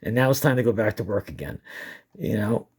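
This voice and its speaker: A man's voice: lowish voice, lively intonation, brisk, darkish tone, breathy edge. A man casually narrating his own footage in a rambling way with restarts, often breaking into giggles. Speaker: amateur moon filmer. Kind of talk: casual excited commentary.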